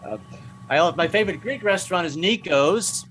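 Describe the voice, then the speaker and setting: A man's voice: high-pitched, animated, moderate pace, fairly bright tone, faint music behind, rough recording. An older man doing stand-up comedy, wry and self-mocking, with stammering restarts.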